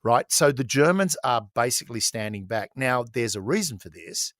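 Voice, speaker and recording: A man's voice: mid-range voice, animated, moderate pace, fairly bright tone, no echo, studio quality. A middle-aged man co-hosting a casual political podcast, joking and slipping into mock voices. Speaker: podcast co-host.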